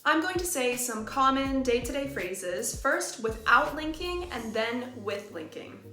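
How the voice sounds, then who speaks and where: A woman with a fairly high voice gives a scripted pronunciation lesson and speaks clearly and deliberately. She slows down whenever she demonstrates a phrase. The room sounds roomy, with faint music behind her. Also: lively intonation, pushed and bright. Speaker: English teacher.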